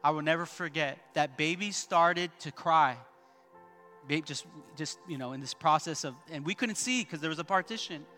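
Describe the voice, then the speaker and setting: A man's voice: fairly high pitch, moderate pace, bright, forceful tone, soft background music. A male pastor preaching a sermon at a church service, emphatic, repeating key points and calling out to the congregation.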